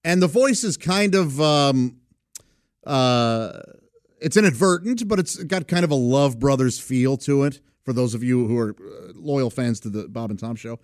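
A man's voice: mid-range voice, expressive, unhurried, no echo, clean studio sound. Chatty man hosting a podcast. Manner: rambling, chatty, laughs at his own stories. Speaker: podcast host. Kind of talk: casual podcast monologue.

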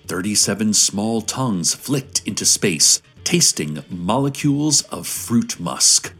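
A man delivering scripted radio news narration in a calm, deadpan manner. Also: fairly low pitch, takes it slowly, hardly any pauses, breathy edge, faint music behind.

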